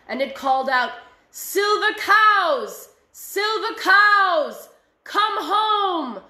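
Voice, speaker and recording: A woman storyteller with a high, bright voice tells a folk tale with lively expression. The sound is roomy and echoing. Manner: expressive, shifting voices for characters. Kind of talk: telling a folk tale aloud.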